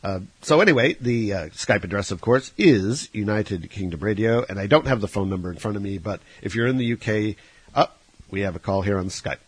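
A man's voice: fairly low pitch, lively intonation, brisk, husky, no room sound. A man hosting a radio show, joking around in a put-on Irish accent while taking calls. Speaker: radio host. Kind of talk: casual radio chat.

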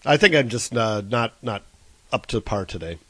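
A man's voice: mid-range voice, animated, normal speed, bright, forceful tone, slightly rough, dry recording. A man hosting a casual call-in web show over Skype, flustered and apologetic, laughing often.

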